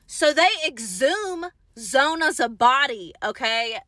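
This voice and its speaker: A woman telling a ghost story casually, animated and profane, checking in with her listeners as she goes. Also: high voice, slow pace, no room sound.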